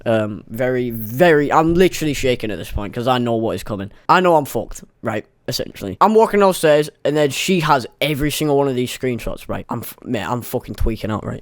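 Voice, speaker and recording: A man's voice: a little high, no echo, clean studio sound. A young man telling a rambling, sweary, self-mocking story in a casual storytime monologue.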